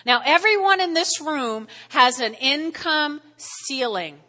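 A middle-aged woman pastor with a New Jersey accent preaching a sermon, energetic and checking in with the congregation. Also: high voice, slow pace, in a large hall. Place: church sanctuary.

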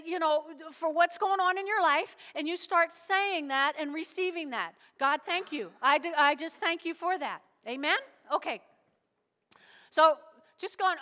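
Woman pastor, high bright voice, lively conversational preaching, long church-hall reverb. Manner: animated, conversational preaching with frequent check-ins to the congregation. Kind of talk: sermon. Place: church sanctuary.

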